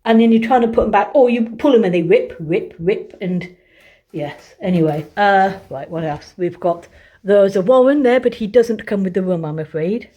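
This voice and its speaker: Recorded on a phone camera, this woman's medium-pitched voice has a dark tone with the highs cut off, and she talks at a moderate pace. She's vlogging from a hotel room, ranting to camera with plenty of swearing before showing viewers around the room.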